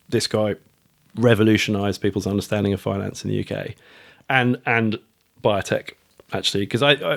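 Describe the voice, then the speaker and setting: A man's voice: on the low side, creaky. A middle-aged man from the United Kingdom, an author talking as a guest in a casual podcast interview, chatty, swearing, restarting his sentences often. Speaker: guest, author and fund manager.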